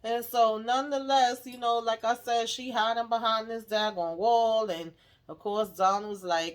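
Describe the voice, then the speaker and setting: A woman's voice: a little high, steady tone, a little slow. A woman recapping a TV episode in a casual, chatty way, laughing often and acting out the characters' lines. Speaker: TV recap host.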